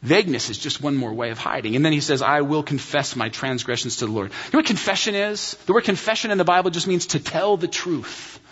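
Male pastor, sermon delivery, emphatic, bright and slightly husky tone, reverberant church hall. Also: on the high side, expressive, brisk, few pauses, lo-fi sound. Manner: emphatic, rhetorical questions.

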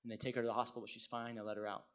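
A middle-aged male pastor telling a personal story in a sermon, swinging from hushed tones to loud exclaims. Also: medium pitch, little pitch movement, rapid-fire.

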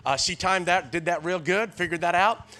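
A man's voice: high-pitched, moderate pace. A man in his sixties with a Tennessee accent, preaching a sermon as a guest preacher, telling folksy stories and calling out to the crowd. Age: 60s. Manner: lively call-and-response, keeps urging the crowd on; folksy storytelling with frequent restarts.

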